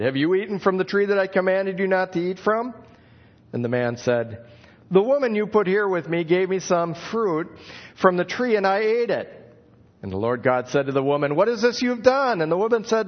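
A middle-aged man preaching a sermon, telling stories and acting out the calls in his passage. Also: on the high side. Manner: expressive storytelling, acts out calls of "where are you". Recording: dull lo-fi sound.

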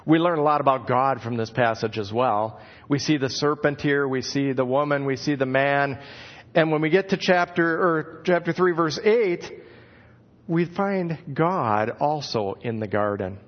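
A man's voice: medium pitch, a little slow. A middle-aged man preaching a sermon, telling stories and acting out the calls in his passage. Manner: expressive storytelling, acts out calls of "where are you". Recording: dull lo-fi sound.

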